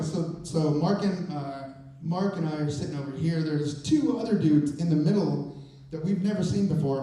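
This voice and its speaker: A man telling a personal story to a live audience on stage, in a lively conversational way that builds suspense. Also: a little high. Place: stage in a performance venue. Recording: very echoey, voice from a distance.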